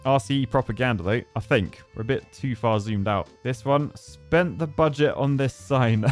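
Man, 30s, gaming host, jokey chatty commentary, thinks aloud, average pitch, faint music behind. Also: moderate pace, hardly any pauses, darkish tone. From Britain. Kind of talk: playful game commentary.

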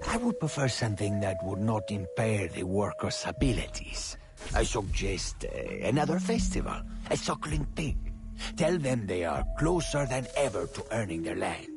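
A formal scheming overseer. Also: male voice, lowish voice, sing-song, normal speed, creaky. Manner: formal, calculating. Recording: game cutscene with loud music.

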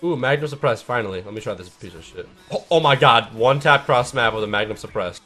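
A man giving live, profane gameplay commentary, mostly laid-back and mumbling, bursting into shouts at big plays. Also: fairly low pitch, lively intonation, fairly quick, hardly any pauses, soft background music. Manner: profane, swears constantly. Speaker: gaming channel host.

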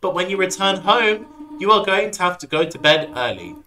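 A streamer voicing a gentle, worried monster mother from a video game, fussing and scolding in a raised, lively voice. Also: moderate pace, slight background noise, low-quality recording. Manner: fussing, scolding softly, higher voice. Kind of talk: reading game dialogue aloud in voices.

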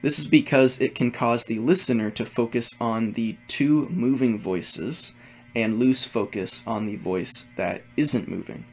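A man's voice: medium pitch, measured pace. A man teaching music theory, walking through examples methodically and step by step. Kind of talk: explanatory music lesson.

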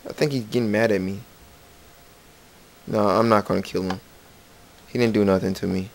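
A man's voice: fairly low pitch, steady tone, normal speed, vocal fry, a little hiss or hum. Rambling man narrating his gameplay. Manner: rambling, playful, talks to game characters. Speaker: gaming channel host. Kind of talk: casual let's play commentary. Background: faint game music.

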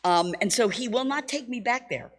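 A middle-aged woman teaching at a Bible school, telling a personal story in a lively, self-mocking sermon style. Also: fairly high pitch, normal speed. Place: church hall. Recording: long hall reverb.

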